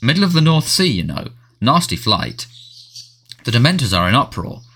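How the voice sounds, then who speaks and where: A man voicing a flustered middle-aged male wizard official who talks in a brisk, dismissive way. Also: medium pitch, very animated, pushed and bright, a little hiss or hum. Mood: brisk, fussy.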